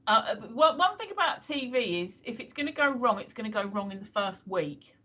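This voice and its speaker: A woman in her fifties or sixties chats on a livestream, reacting to the others and reading out viewer comments. Her voice is bright and fairly high, and her pitch swoops up and down as she talks. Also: animated, a little fast. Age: 50s-60s. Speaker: livestream co-host. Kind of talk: casual chat.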